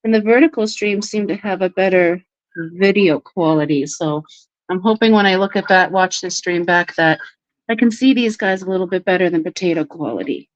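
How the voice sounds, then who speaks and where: A woman hosting a casual live stream, bubbly and quick to laugh, who baby-talks to her pets while she chats. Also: fairly low pitch, no echo. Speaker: livestream host. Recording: dry, slightly dull livestream audio.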